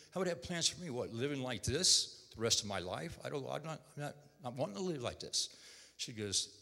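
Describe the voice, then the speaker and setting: Man giving a bright, echoing testimony. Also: medium pitch, very animated, brisk, vocal fry. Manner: emotional, repeats words, quotes others in dialogue. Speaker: church testimony speaker. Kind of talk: personal testimony. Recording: long hall reverb.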